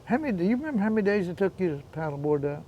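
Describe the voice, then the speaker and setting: A man's voice: high-pitched, big pitch swings, rapid-fire, highs cut off, slight background noise. A man in his eighties, a veteran paddler and interview guest, telling stories in casual chat with a teasing manner and frequent laughter. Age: 80s. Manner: teasing storyteller, laughs often.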